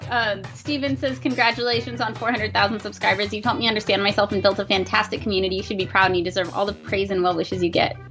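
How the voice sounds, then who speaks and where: A woman hosting a casual livestream chat, reading supporters' messages aloud and thanking them warmly. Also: medium pitch, steady tone, quick pace, hardly any pauses, faint music behind. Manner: gushing, reads donor messages aloud. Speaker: host.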